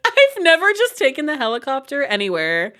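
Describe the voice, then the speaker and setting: A woman's voice: mid-range voice, moderate pace. Giggly woman narrating her life-sim game. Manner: animated, laughs often, exclaims at the game. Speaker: gaming channel host. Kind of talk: casual gameplay commentary.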